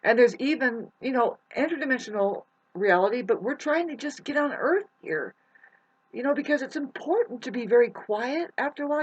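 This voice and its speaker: A voice at a middle pitch rambles through a spiritual monologue, restarting and correcting itself as it preaches. The recording sounds dull and lo-fi. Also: breathy edge. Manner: wandering, self-correcting, preachy.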